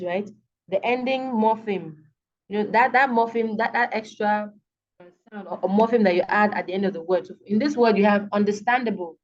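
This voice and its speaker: This online English lesson comes from a woman with a Nigerian accent whose mid-range voice is a little mellow. She patiently repeats words to highlight stress, often filling pauses and asking "okay." The audio is dull, lo-fi video call quality.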